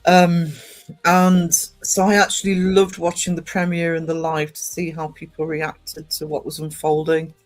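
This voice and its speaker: A man chats casually on a live stream. He rambles with plenty of ums and false starts, his voice pitched a little above the usual male range. Soft music plays faintly behind him. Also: monotone, measured pace. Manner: rambling and chatty, with many ums and restarts.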